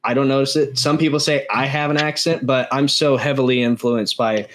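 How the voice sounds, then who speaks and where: A man's voice: mid-range voice, steady tone, brisk, slight background noise. A young man from Texas, co-hosting a casual podcast chat, rambling and correcting himself as he talks. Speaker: podcast co-host.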